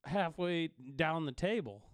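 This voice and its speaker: Smooth-voiced young man swearing through banter. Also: on the high side, expressive, a little slow, no echo. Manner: profane, joking, mock-angry bickering. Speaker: podcast co-host. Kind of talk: casual chat.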